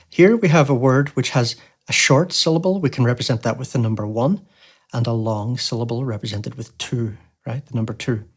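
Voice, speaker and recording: A man hosting a music software tutorial, explaining casually with lots of fillers like "you know" and "um". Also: mid-range voice. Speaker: tutorial host. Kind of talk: screen-recorded software tutorial.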